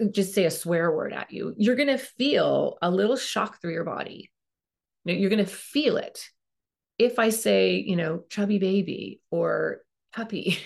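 A woman's voice: lowish voice, gravelly. A woman hosting a parenting podcast, giving earnest coaching advice and acting out what a parent might say. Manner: earnest, coaching tone, acts out parent and child lines; emphatic repetition. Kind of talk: advice monologue.

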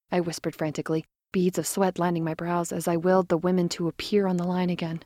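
A woman narrating a first-person story with dramatic, expressive delivery, dropping to a whisper in tense moments. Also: on the low side, fast talker, few pauses, dry recording.

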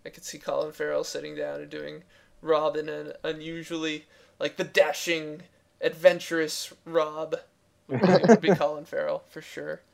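A man's voice: on the high side, level tone, normal speed, gravelly. A man hosting a podcast, joking wryly with his co-hosts and leading the segments. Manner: joking, wry, leads segments. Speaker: podcast host. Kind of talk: casual podcast banter.

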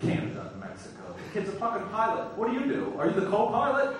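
Brash crude stand-up comedian, high voice. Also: male voice, fast talker, noisy background. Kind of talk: stand-up crowd work. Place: comedy club stage. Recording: echoey club from far off.

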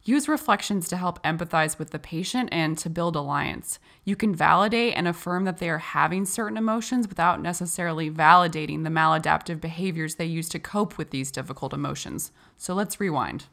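A woman's voice: deep voice, brisk, creaky, hardly any pauses, fairly bright tone. Instructive woman explaining clinical skills. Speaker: host and instructor. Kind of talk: educational explanation.

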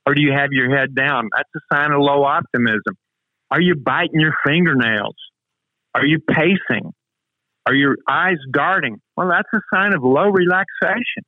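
A man's voice: on the high side, moderate pace, dry recording. A man coaching with emphatic rhetorical questions as a guest on a talk show. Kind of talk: motivational interview talk. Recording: tinny phone-like remote line.

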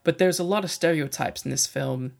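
A man in casual chat reviewing a film, animated and often acting out quotes. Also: on the high side, fairly quick, creaky.

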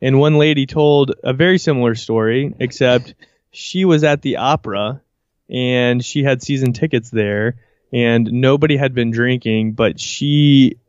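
A man's voice: mid-range voice, measured pace, darkish tone, clear, resonant tone, no room sound. A man in casual chat, retelling anecdotes with laughter in his voice. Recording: slightly dull lo-fi audio.

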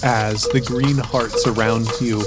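A man's voice: mid-range voice, fairly even intonation, slow, loud music behind the voice. A man narrating as game master, describing scenes with many fillers. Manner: descriptive, with frequent likes.

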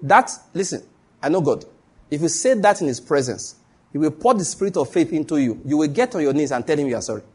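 A Nigerian male pastor preaching a live-streamed sermon, telling stories and repeating key phrases for emphasis, dropping to a hush and then rising. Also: medium pitch, slightly rough. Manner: dramatic shifts between hushed and raised voice.

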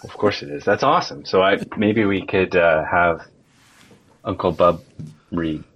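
Deep husky joking man. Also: a little slow, highs cut off. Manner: joking, playful. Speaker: podcast co-host. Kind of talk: casual chat.

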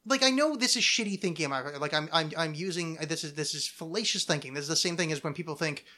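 A man's voice: a little high, fast talker, bright, forceful tone. A man hosting a podcast in casual chat, rambling and full of fillers and self-corrections. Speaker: podcast host.

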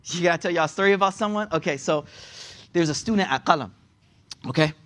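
Animated high-voiced young man preaching. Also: fast talker. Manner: animated, slangy, storytelling with quoted voices. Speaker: religious teacher. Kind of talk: casual sermon to young people.

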